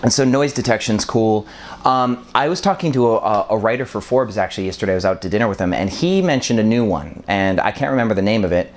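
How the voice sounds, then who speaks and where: A man with a lowish voice talks fast in a loose, chatty vlog to camera, rambling and saying um often. In his thirties and from Wisconsin, USA, he's a short-term rental host recording indoors in an apartment stacked with boxes; his American accent is mostly neutral with a subtle Wisconsin edge.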